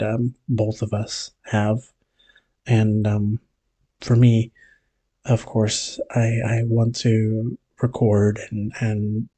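A man giving a casual family update on his vlog, talking hesitantly with lots of pauses and restarts. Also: fairly low pitch, warm tone. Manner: hesitant, many fillers and restarts. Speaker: vlogger.

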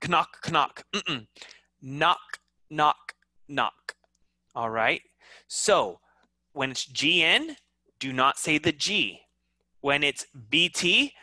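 Slow patient male English teacher. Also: fairly high pitch, pushed and bright, dry recording. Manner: slow, patient, repeats words, mixes in Indonesian. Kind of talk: online class teaching.

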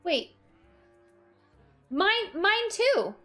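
High, bright, excitable woman streamer. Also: extremely slow, faint music behind. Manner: excitable, swears, talks to chat. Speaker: game streamer. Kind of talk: live gameplay commentary.

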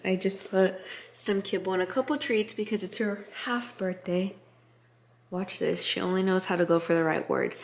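A woman's voice: medium pitch, echoey room, a little hiss or hum. A woman vlogging at home in a casual chatty way, cooing at her puppy and giving it training commands. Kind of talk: casual vlog chat. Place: home kitchen.

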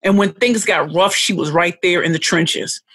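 A middle-aged woman, a podcast guest, telling a deeply personal story with emphatic repetition, emotional and close to tears. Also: normal speed, fairly bright tone, breathy edge, no room sound. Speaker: podcast guest, pitch coach.

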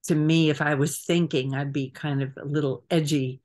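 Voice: medium pitch, level tone, normal speed, a little mellow. A trip organizer on a video call giving a casual meeting briefing, chatty and hesitant with frequent fillers.

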